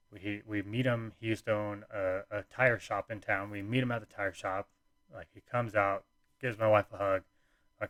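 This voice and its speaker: A man's voice: lowish voice, fairly bright tone, dry recording. A young man hosting a podcast, telling a personal story in a rambling, laid-back way full of fillers and restarts. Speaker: podcast host.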